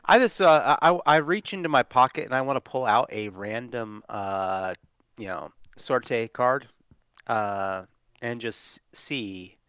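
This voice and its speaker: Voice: mid-range voice, unhurried, a bit bright, smooth, no echo, studio quality. A tabletop role-playing game player who asks curious, probing questions. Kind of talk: casual tabletop role-play.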